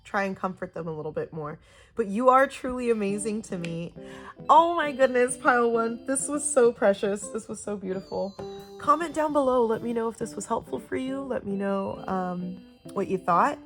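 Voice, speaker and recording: A young woman giving a casual, chatty tarot reading to camera, gushing and talking with lively swings in pitch. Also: normal speed. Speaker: tarot reader. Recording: soft guitar music behind.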